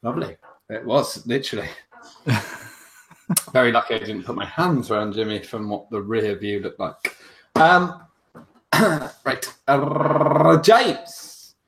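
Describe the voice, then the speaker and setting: A man's voice: mid-range voice, animated, takes it slowly, pauses often, fairly bright tone, slight background noise. Rambling, self-mocking male host. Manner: chatty, rambling and self-mocking with frequent restarts. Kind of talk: casual livestream chat.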